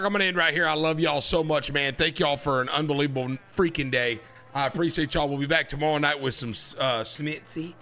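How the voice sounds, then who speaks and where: Male streamer with a crisp bright tone, animated and joking, talking straight to chat. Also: mid-range voice. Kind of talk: casual live-stream chat.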